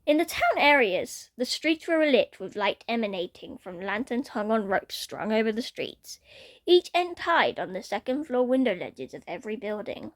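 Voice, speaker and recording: A woman reading a fan-written story aloud in an expressive way. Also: on the high side, normal speed.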